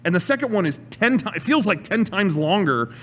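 A man talks through video games on a podcast and acts out the action with loud exclamations. His voice sits a little high and swings widely in pitch. A faint hum runs underneath. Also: sing-song, fairly quick. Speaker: podcast co-host. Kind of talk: casual chat about video games.

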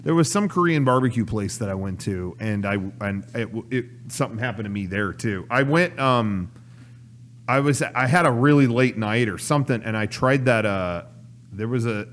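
A man's voice: medium pitch, lively intonation, normal speed, a little hiss or hum. A young man chatting casually, meandering through an anecdote and swearing loosely. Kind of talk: casual chat.

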